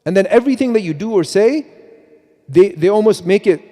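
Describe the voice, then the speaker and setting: A middle-aged man giving a mosque talk on parenting, animated, with many restarts and repeats, often quoting himself. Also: sits high, brisk. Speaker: preacher. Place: mosque hall. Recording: long hall reverb.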